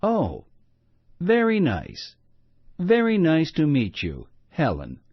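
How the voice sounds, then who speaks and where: A man's voice: on the high side, wildly swooping pitch, slightly rough, dry recording, voice pushed up, heavily acted. A man voicing a friendly mother in broken English. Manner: simple halting English, polite and warm. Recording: muffled lo-fi recording.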